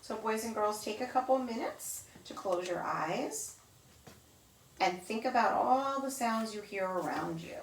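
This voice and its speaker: A woman who teaches yoga to children reads a picture book aloud to them, mimicking sounds in a high, playful voice. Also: animated, a little slow, distant mic, slight background noise. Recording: roomy echo, voice off-mic.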